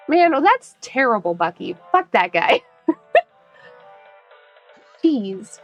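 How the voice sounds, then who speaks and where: A young woman streaming, chatting with her viewers in a bubbly, giggly voice that she pitches above her natural one. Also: sing-song, takes it slowly, pauses often, muffled recording, soft background music. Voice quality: put-on higher bright stream voice. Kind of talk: casual live-stream chat.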